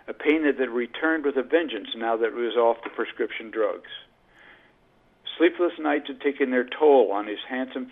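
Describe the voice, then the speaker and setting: A man narrates a story at a steady, mid-range pitch, unhurried and measured. The sound is thin and tinny, squeezed like a phone line. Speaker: audiobook narrator. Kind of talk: scripted narration.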